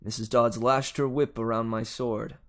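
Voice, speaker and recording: A man reading a novel aloud, with steady first-person narration. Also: mid-range voice, moderate pace. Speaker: audiobook reader.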